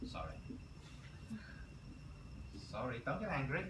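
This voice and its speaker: A man teaching a college class as a rabbi, lively and quizzing his students, correcting himself as he goes. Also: mid-range voice, takes it slowly, background noise. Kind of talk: classroom lecture. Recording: roomy classroom picked up from a distance.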